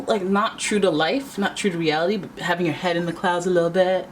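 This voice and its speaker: A woman's voice: fairly quick, slight background noise. A woman giving a casual tarot reading to camera, chatty and playful, often jumping into asides and making her voice jump up on exclamations. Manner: animated, pitch often jumps up on exclamations. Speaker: tarot reader.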